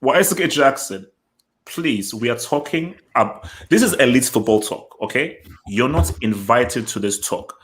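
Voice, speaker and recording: Animated, mocking male football host. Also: medium pitch, a little slow. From lives in England. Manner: animated, mocking, interrupts with repeated "wait". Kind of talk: casual live football debate.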